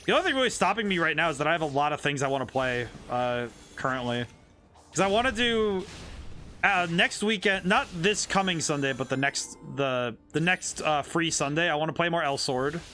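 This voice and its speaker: A male streamer with a fairly high, bright voice talks through his gameplay in a loose, rambling way. His pitch swings around a lot as he thinks aloud, and game music plays faintly behind him. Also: lively intonation, brisk. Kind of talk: casual live-stream commentary while playing.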